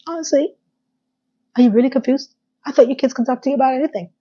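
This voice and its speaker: A woman's voice: on the high side, fairly even intonation, normal speed, pauses often, darkish tone, lo-fi sound. A woman chatting casually to her viewers as she recaps a TV episode, sassy and direct.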